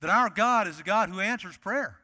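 A man with a high, bright voice preaches to his congregation in a church, hammering home points by repeating them. His words ring out with a long reverb from the hall around him. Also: animated, brisk. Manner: emphatic, repeats key phrases. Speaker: pastor. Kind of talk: sermon.

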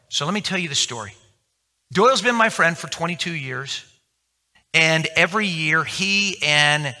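Bright-voiced preacher in a reverberant hall. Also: male voice, fairly high pitch. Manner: storytelling, acting out quoted voices. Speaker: pastor. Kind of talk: sermon.

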